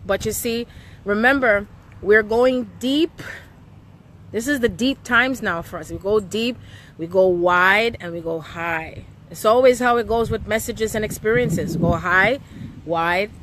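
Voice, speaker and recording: Woman, spiritual reader on a live stream, emotional and earnest, mid-pitched, faint hiss behind. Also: unhurried, fairly bright tone. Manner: emotional, repeats "okay?" often.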